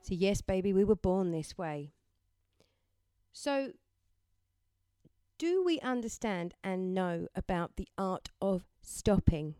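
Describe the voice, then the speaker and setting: A woman giving a gentle, encouraging mindfulness talk and leading listeners through affirmations. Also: mid-range voice, lively intonation, takes it slowly, long pauses, clean tone, dry recording. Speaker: self-help speaker.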